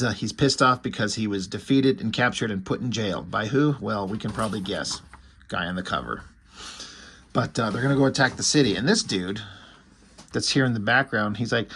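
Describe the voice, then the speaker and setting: A man's voice: lowish voice, fairly bright tone. A man giving a casual, rambling recap and commentary as a comic book reviewer, offhand with frequent fillers and restarts.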